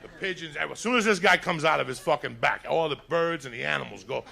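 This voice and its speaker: A man's voice: a little high, fast, gravelly, pushed and bright, some chatter behind. A man from Cuba doing a stand-up set, telling rowdy, profane stories. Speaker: stand-up comedian. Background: audience laughter.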